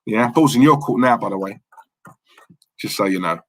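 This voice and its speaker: A man's voice: fairly low pitch, moderate pace, fairly bright tone, no echo, rough recording. A man hosting a live football watchalong, chatting casually and cheekily while reading comments, with lots of fillers and repeated words. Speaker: livestream host.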